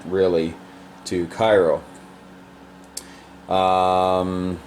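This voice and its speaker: A man's voice: fairly low pitch, darkish tone, slight background noise. A man casually walking through the state of a board game, explaining moves in a loose, rambling way with many fillers.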